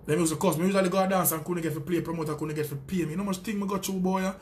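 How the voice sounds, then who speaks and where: Man, Jamaican accent, high voice, sound system selector, boastful taunting rant, profane. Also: steady tone, very fast, slight background noise. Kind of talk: heated callout rant.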